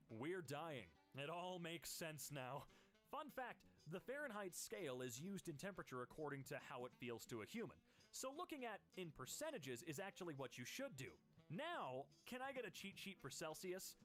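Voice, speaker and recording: A man reading internet posts aloud for comedy, switching voices quickly between posters. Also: a little high, fairly bright tone. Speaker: host.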